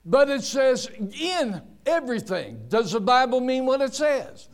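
A man's voice: extremely high pitch, smooth. A man preaching a sermon, telling stories and drawing out his words for emphasis. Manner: preaching with slow, drawn-out emphasis and storytelling. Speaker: pastor.

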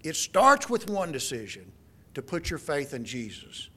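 High, bright-voiced preacher man. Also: sing-song, unhurried, husky. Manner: emphatic, folksy preaching with scripture quotes. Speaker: pastor. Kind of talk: sermon.

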